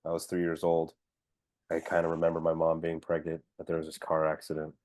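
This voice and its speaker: A man's voice: completely flat delivery, brisk, no room sound, studio quality. Give me a mournful, murmuring Bruce Wayne, as a man mimics him on a podcast. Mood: mopey. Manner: low, quiet, mopey murmur.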